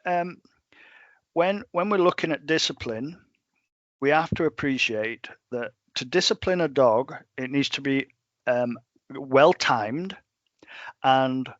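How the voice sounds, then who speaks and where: A plain-spoken English man talks bluntly in a relaxed interview, mid-range in pitch. He keeps acting out what he says to clients. The sound is slightly muffled and dry, with no room echo. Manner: blunt, plain-spoken, quotes himself a lot. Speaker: professional gun dog trainer. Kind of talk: casual podcast interview.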